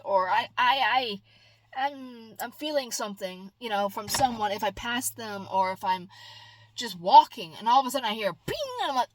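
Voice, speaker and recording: A middle-aged woman talking straight to camera in a casual, rambling vlog, jumping from loud outbursts to soft asides. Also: on the high side, normal speed, no room sound, poor audio. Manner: rambling, emphatic, swings between loud exclamations and soft asides. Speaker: vlogger.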